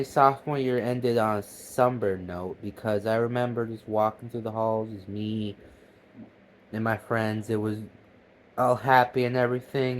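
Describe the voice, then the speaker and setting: A man's voice: lowish voice, slight background noise, rough recording. A young man vlogging at home, telling a rambling story with lots of swearing and stammered restarts. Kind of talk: casual storytelling.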